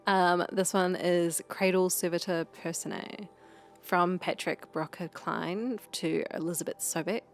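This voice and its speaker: A woman playing a game with a friend, thinking aloud and reading in-game notes in a plain, steady way. Her voice is low for a woman, with soft music faintly in the background. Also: unhurried. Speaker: let's play co-host.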